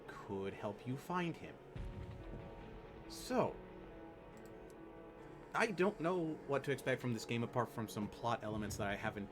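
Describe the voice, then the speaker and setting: Slow, low-voiced man streaming a game. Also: vocal fry. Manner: rambling, jokey, self-deprecating. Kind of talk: casual let's play commentary.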